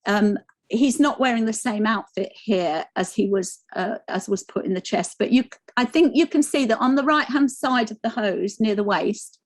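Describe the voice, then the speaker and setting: A woman with a somewhat high voice delivers a scholarly lecture, walking the audience through slides. She speaks thoughtfully, often pausing with ums and restarting phrases as she searches for words. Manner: hesitant, many ums and restarts. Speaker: conference speaker.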